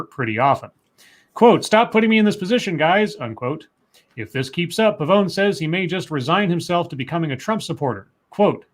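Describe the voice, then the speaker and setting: A man co-hosting a casual livestream, reading news stories aloud and rambling on with chatty asides and fillers. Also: fairly high pitch.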